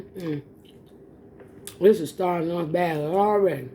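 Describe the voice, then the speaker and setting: Woman vlogger, warm mellow tone, casual storytelling to viewers, laughs often. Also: fairly low pitch, takes it slowly. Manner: animated, laughing often, addresses viewers as y'all. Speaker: mukbang vlogger. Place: home, eating on camera.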